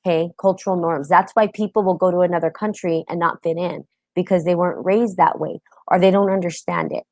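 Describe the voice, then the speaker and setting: An open, chatty woman hosting a casual live stream and greeting viewers by name. Her voice sits a little low, and the room is dry and close. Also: dry recording. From United States. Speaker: host.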